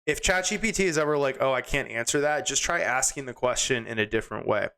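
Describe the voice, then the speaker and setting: A man's voice: mid-range voice, sharp tone, clean tone. A young man who chuckles and comments wryly as he reads chatbot jokes aloud and types prompts. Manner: chuckling, wry, reads text aloud quickly. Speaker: comedy video host. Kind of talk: casual commentary while reading chatbot output.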